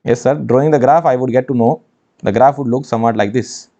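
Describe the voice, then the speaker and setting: A man of medium pitch and dark tone talks a little fast while teaching engineering maths in an online lecture for exam preparation. His style is emphatic, with repetition and rhetorical questions. The recording sounds dull and lo-fi.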